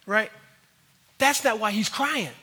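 A man preaching a sermon as a pastor, swinging from hushed intensity to loud, fervent delivery. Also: high-pitched, takes it slowly, slightly rough.

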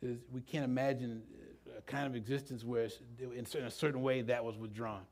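This pastor's voice is medium in pitch, steady and a little mellow, moving slightly quickly. He preaches casually to a live church congregation, regularly posing questions to them.

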